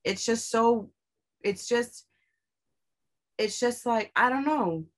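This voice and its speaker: A woman's voice: fairly high pitch, takes it slowly. A young adult woman telling a personal story in a candid, blunt way, swearing often and pressing her points with emphasis.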